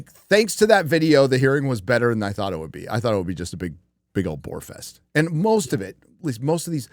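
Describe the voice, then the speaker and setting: A man's voice: medium pitch, dry recording, clean studio sound. A man hosting a livestream show, talking casually in a rambling, profane way with many fillers. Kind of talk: casual chat.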